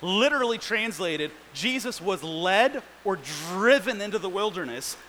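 A man's voice: high voice, expressive, unhurried, bright, forceful tone, slight background noise, poor audio. A man preaching a sermon, reading scripture and explaining it with earnest, building emphasis.

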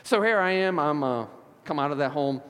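A man's voice: fairly high pitch, lively intonation, normal speed, fairly bright tone. Preaching man, long church reverb. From Chicago area. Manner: conversational preaching, building to fervent emphasis. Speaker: pastor. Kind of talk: sermon. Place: church sanctuary.

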